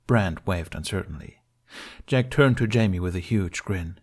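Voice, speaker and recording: Low-voiced man narrating a story. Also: moderate pace. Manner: steady, emotional storytelling. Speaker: fan fiction narrator. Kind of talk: audiobook narration.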